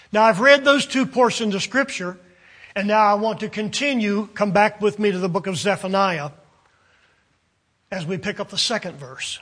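A man preaching a sermon, reading King James scripture and explaining it with slow, deliberate phrasing. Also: sits high, fairly bright tone, slightly rough. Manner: slow, deliberate delivery with long pauses between phrases. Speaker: pastor.

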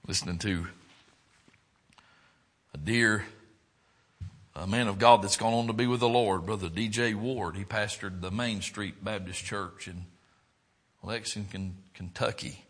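A man preaching a sermon, swinging between loud, fervent exclaiming and quiet, low reflection. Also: measured pace, long pauses.

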